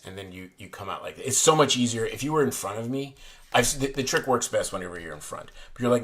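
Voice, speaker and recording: Rambling, chatty low-voiced man. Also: expressive, quick pace, fairly bright tone. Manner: rambling, self-correcting, chatty. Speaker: playing card reviewer. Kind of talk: casual tutorial vlog. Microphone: desk camera looking down on hands.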